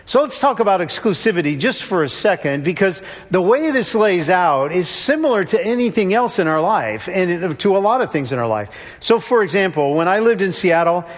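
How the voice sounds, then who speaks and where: A pastor delivering a sermon in a conversational way, now and then acting out the people he quotes. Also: on the high side. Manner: conversational, acts out quoted voices. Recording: long hall reverb.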